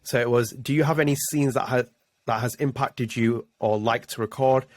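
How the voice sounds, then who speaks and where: A British man hosting a relaxed podcast interview, reading out listener questions in a friendly tone. His voice is mid-pitched and sounds dry and close to the mic, with no room around it. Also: normal speed, no room sound. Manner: friendly, reads listener questions, laughs along. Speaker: podcast host.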